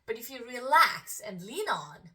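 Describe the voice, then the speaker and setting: A high, bright female vocal coach with Korean as her first language talks students through a song at an unhurried pace. Her voice swings widely as she slips from relaxed explanation into soaring sung demonstrations. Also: far from the mic. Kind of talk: singing lesson with sung demonstrations.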